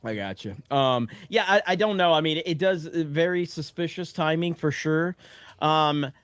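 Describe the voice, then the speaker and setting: A man's voice: a little high, moderate pace, a bit bright, clear, resonant tone, no room sound, studio quality. A man hosting a casual podcast chat, blunt and rambling, with a profane, opinionated way of talking.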